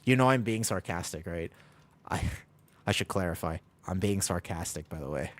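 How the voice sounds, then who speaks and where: A man's voice: deep voice, expressive, normal speed, no echo. A man chatting casually to viewers while streaming a game, rambling and joking about himself. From United States. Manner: rambling, self-deprecating, jokey asides to chat. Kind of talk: casual gaming stream chat.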